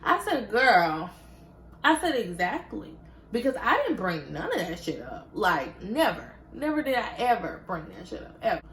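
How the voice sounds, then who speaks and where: A young woman from Georgia in the US, telling a storytime in casual chat and getting loud whenever she quotes herself. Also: medium pitch, normal speed, reverberant, low-quality recording. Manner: animated, swings loud when quoting herself. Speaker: vlogger.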